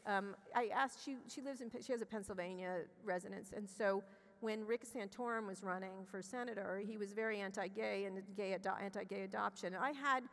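A woman's voice: mid-range voice, a bit bright. Middle-aged woman on a conference stage, blunt, swears a lot, keeps restarting her sentences, long echo from the big hall. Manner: blunt and profane, with rapid restarts. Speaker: interview guest. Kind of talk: candid storytelling on stage.

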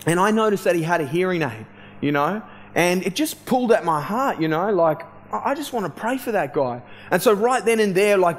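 A man, preaching a sermon as a casual, conversational storyteller who often restarts and fills with "you know". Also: high voice. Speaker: pastor.

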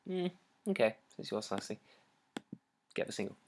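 A teenage boy with a British accent hosts a casual livestream for his fans. He reads their comments aloud in an excitable, rambling, jokey way, over a laptop mic. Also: fairly low pitch, a little fast. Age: teens. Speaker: singer hosting a fan livestream. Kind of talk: casual livestream chat reading fan comments.

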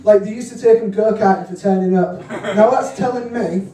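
High-voiced young comedian, far off. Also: male voice, normal speed. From Hull, England. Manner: deadpan one-liners with frequent ums and crude punchlines. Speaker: stand-up comedian. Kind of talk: stand-up comedy set. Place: hotel function room comedy gig. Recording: echoey, distant live room recording with noise.

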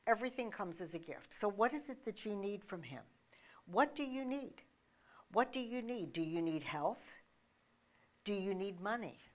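Emphatic woman preaching a sermon. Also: medium pitch. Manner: emphatic, conversational preaching with restarts and rhetorical questions. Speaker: minister.

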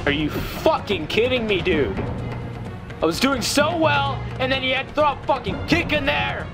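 A young man playing a video game and shouting and swearing at it in fury, over the game's music. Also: very high voice, lively intonation, moderate pace, vocal fry. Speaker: gaming YouTuber. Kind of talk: angry gameplay commentary.

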